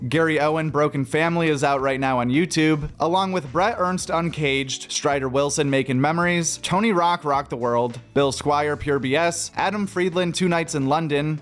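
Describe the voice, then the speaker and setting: Guy reading off a comedy news update, brisk and upbeat, slightly high voice. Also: a bit bright. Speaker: comedy news show host. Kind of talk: scripted news roundup.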